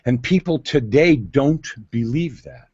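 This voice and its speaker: A man's voice: mid-range voice, animated, measured pace, a little mellow, slightly rough, no echo. A man being interviewed as an on-camera presence coach, telling stories dramatically over a video call with emphatic shifts in pace. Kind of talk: animated storytelling interview. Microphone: video call mic. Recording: muffled lo-fi video call audio.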